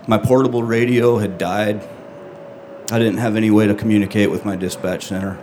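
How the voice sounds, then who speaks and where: A middle-aged man telling a true first-person story on stage, earnest and halting, with long pauses between phrases. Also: fairly low pitch, fairly even intonation, darkish tone, slight background noise.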